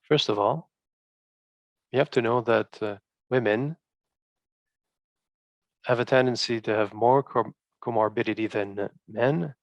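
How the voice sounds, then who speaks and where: A male researcher presenting study results in a halting way, with many fillers and restarts. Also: mid-range voice, dry recording, highs cut off.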